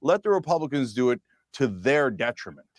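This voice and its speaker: A man making his case forcefully as a debate guest. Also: medium pitch, sing-song, a little fast, no echo. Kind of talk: televised political debate.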